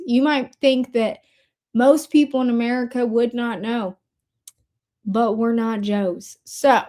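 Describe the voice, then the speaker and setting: A woman hosting a casual commentary show, talking chattily with sarcastic asides and quick shifts between fast and slow delivery. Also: fairly high pitch, a little mellow. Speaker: host. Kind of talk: casual commentary over screen shares.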